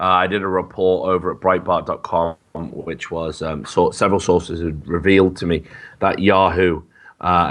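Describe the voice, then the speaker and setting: Stammering man, low voice. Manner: rambling, stammering restarts, animated storytelling. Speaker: podcast co-host. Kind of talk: casual podcast chat.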